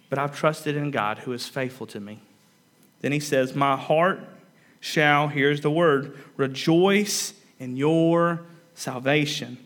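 Guy preaching a sermon, kinda high voice, earnest, repeats himself and gets emphatic. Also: fairly bright tone. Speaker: pastor.

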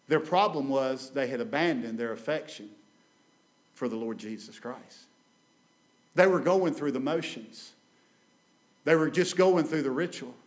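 A male preacher delivers a sermon from a church pulpit. His voice sits high for a man. He swings from loud, ringing lines to hushed ones, doubles up phrases and calls on the congregation to answer. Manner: dramatic rises and drops in volume, repeats phrases, calls for amen. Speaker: guest preacher. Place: church sanctuary.

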